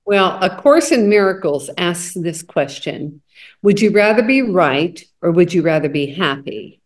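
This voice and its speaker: A middle-aged woman co-hosting a casual chat, sharing lively anecdotes. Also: on the low side, measured pace. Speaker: co-host.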